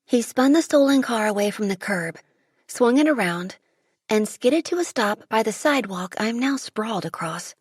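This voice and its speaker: A woman's voice: fairly high pitch, lively intonation, moderate pace, husky, dry recording, clean studio sound. A woman narrating a first-person audiobook, telling the story in a vivid, dramatic way.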